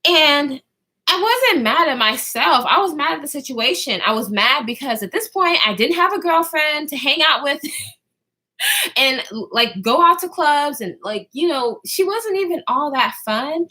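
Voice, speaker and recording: A young woman chatting to her viewers, her voice sitting high and leaping all over the place as she tells the story. Her tone is bright and sharp. She laughs often, swears freely and slips into the voices of the people she quotes. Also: sing-song, a little slow. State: out of breath at times. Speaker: vlogger. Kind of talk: storytime vlog.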